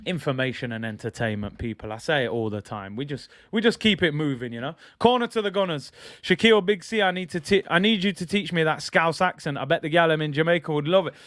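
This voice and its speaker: Fired-up guy doing a footy watch-along, high voice, dry close mic, drops low to say people. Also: quick pace, dry recording. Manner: excitable, trailing off with a low "people"; reads out chat comments between play calls. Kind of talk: live football watch-along commentary.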